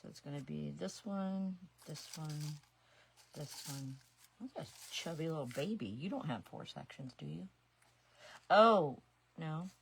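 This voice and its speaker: Low-voiced lady in her 60s rambling thru a craft livestream, little hiss behind. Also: lively intonation, measured pace, creaky. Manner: chatty, talks to herself while working. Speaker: resin artist streaming live. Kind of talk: casual craft livestream chat.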